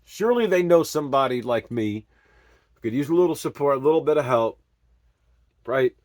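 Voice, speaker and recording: A man telling his own story in an earnest, emotional way, swinging from loud pleading to hushed murmurs. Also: mid-range voice, animated, brisk, no echo, studio quality. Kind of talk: personal storytelling monologue.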